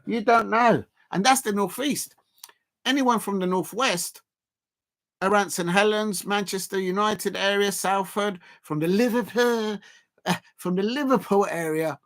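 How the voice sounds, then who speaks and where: A man from South London hosts a chatty football watchalong livestream, rambling and replying to viewer messages as he reads them. He speaks a little slowly in a high voice with a fairly bright tone.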